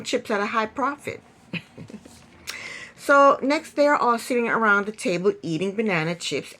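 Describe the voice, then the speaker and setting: A woman's voice: fairly high pitch, a bit bright. A woman giving a casual, sarcastic recap of a reality show, laughing often. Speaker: TV recap youtuber.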